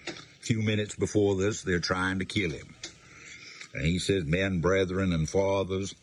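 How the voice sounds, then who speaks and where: Male Bible teacher, very low and husky, reads verses then explains them plainly. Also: steady tone, measured pace.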